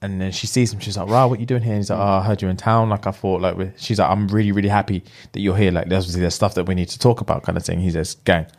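A man's voice: low voice, fast talker, hardly any pauses. A young man, chatting casually as he retells a film plot in slang and acts out the characters' lines. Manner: animated storyteller with slang, acting out the lines.

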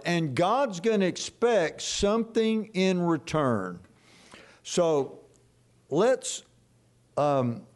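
An older man preaching a sermon as a pastor, telling stories in a folksy, animated way. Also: high-pitched.

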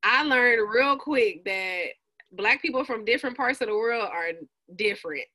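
A woman's voice: fairly high pitch, moderate pace. A woman from Los Angeles with a Californian accent, telling stories as a podcast guest, acting out other voices. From South Central Los Angeles. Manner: animated storyteller, acts out quoted voices. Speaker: guest, psychologist. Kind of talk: casual podcast interview.

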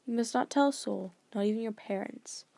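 A woman voicing a stern, formal old grandfather who speaks in a measured, grave, lecturing way, a bit lower and quieter than her narration. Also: vocal fry, dry recording.

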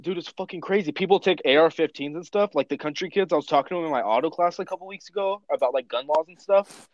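Young guy, casual chat, loose slangy storyteller, higher-pitched, dry. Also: quick pace, dry recording, dull audio. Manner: rambling storyteller, heavy slang and swearing.

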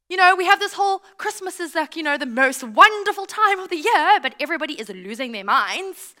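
A woman preaching to a live church, with a high, clear, bright voice. She tells everyday stories in a chatty way and acts out people's lines as she goes. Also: a little fast, hardly any pauses. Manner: animated storytelling with acted-out quotes. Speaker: pastor. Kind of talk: conversational sermon.

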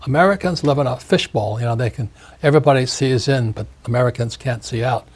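An older man in his seventies, a husky-voiced author giving an interview, ranting emphatically and repeating phrases. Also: mid-range voice, quick pace. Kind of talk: opinionated interview talk.

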